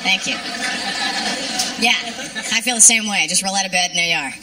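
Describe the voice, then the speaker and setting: A woman's voice: mid-range voice, quick pace, far from the mic, heavy background noise. A young woman doing a stand-up comedy set on a club stage, with wry, sardonic, rambling asides. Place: comedy club stage before a live audience.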